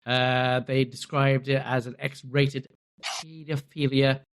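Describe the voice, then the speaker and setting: Man, 30s, podcast co-host, casual chat, hesitant, lots of fillers, mid pitch. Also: level tone, slow, clear, resonant tone.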